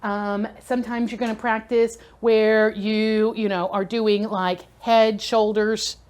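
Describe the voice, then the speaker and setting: A woman's voice: on the high side, flat delivery, takes it slowly, darkish tone, clear, resonant tone. A middle-aged woman giving a preschool teacher training lecture, chatty and conversational, checking in often with her listeners. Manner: conversational, checks in with "okay?" and "right?".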